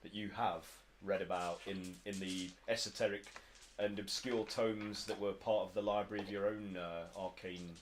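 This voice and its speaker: A man's voice: deep voice, steady tone, moderate pace. A British man running a tabletop game as game master, narrating in a rambling, stammering way, in a noisy home recording.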